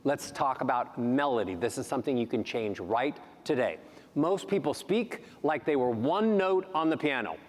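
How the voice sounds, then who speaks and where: A man who is a voice coach, speaking on a conference panel and demonstrating speech melody with sweeping pitch changes. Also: expressive, moderate pace. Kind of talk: panel talk with vocal demonstrations. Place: large hall on a conference stage. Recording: long hall reverb.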